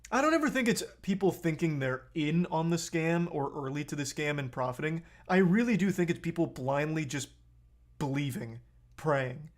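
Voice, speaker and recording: A man's voice: on the high side, lively intonation, normal speed. Blunt, profane male streamer. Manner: blunt and profane, gets heated. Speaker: streamer reacting to a video. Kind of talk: casual live-stream reaction.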